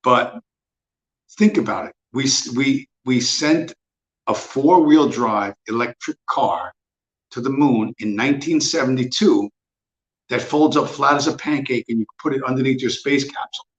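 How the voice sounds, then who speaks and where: A blunt, swearing man in his fifties rants and scoffs through a casual livestream monologue. His voice sits at an ordinary middle pitch. The sound is roomy and dull, like a lo-fi home setup. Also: normal speed. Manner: blunt, profane and mocking. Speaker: livestream host.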